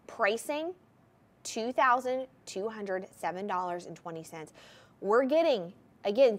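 A woman presenting jewelry on a live TV shopping channel. She talks in an eager, gushing sales patter, lingering over details and prices. Her voice sits at an ordinary mid pitch.

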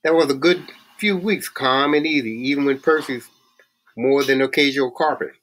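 A man reading a novel aloud in a halting way, often stumbling and restarting words. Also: mid-range voice, fairly bright tone. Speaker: reader.

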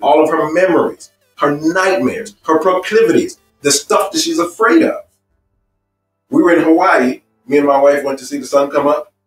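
Guy preaching a marriage seminar, fairly high voice, roomy echo from a ways off mic. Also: normal speed, far from the mic, soft background music. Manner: emphatic and repetitive, stacking phrases; illustrates points with personal stories. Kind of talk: seminar teaching. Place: seminar room.

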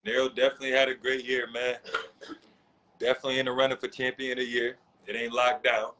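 A man's voice: mid-range voice, level tone, quick pace, sharp tone, a little hiss or hum, poor audio. A man co-hosting a casual chat about rap battles, laid-back and repeating his points. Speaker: co-host reviewing battles.

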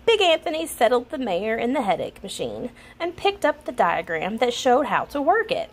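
A woman reads a children's picture book aloud, expressive and animated. Her voice sits fairly high and moves through a wide, lively range. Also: moderate pace, hardly any pauses. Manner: expressive, laughs at the funny parts. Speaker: storyteller.

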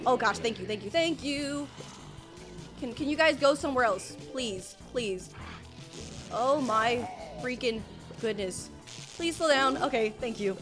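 A woman's voice: on the high side, lively intonation, measured pace, long pauses. A young woman streaming a game live, panicking, exclaiming and pleading with the game as she plays. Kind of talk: live gameplay commentary. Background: game music.

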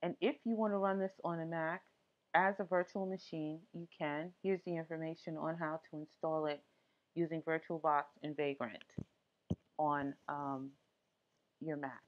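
A woman's voice: sits low, steady tone, normal speed. A woman hosting a tech tutorial, explaining features in a chatty, casual way with frequent asides. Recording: dull lo-fi audio.

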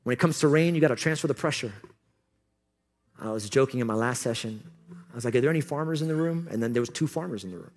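A male pastor preaches to a conference crowd in a mid-range voice. He slips into playful, joking asides, then builds to loud, impassioned calls. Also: medium pitch, fast talker, pauses often. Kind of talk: sermon. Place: conference hall.

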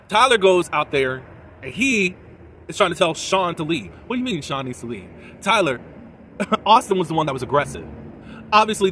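Bright-voiced man reviewing reality TV. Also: a little hiss or hum. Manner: animated, mimics people in exaggerated high voices. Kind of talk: casual reaction commentary.

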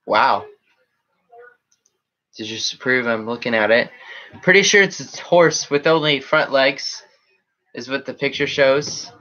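Slow-talking man rambling on a live stream. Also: mid-range voice, pushed and bright, highs cut off. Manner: rambling, reacting to chat comments. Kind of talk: casual live stream chat. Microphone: webcam setup.

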